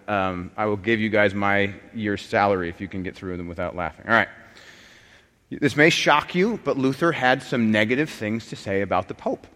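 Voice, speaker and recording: A man's voice: on the low side, fairly bright tone. A man teaching a class on scripture, talking casually to his students, often restarting sentences and joking with them. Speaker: Bible teacher. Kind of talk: lecture on scripture and church history. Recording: long hall reverb.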